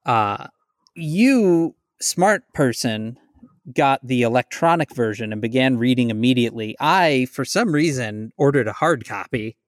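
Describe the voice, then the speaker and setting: A man's voice: medium pitch, lively intonation, a little slow, dry recording, clean studio sound. A man co-hosting a podcast in casual chat, with a wry, conversational way of talking. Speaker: podcast co-host.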